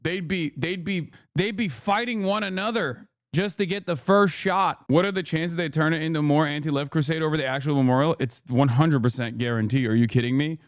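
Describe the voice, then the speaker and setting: A man hosting a live stream, reacting to news in an animated, mocking way with sudden incredulous outbursts. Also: a little high, fairly quick, few pauses, no echo, studio quality. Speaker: livestream host.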